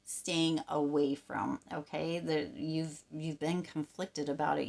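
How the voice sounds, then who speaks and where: A woman's voice: low-pitched, vocal fry. A woman giving a casual, encouraging tarot reading, rambling and searching for words as she goes. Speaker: tarot reader.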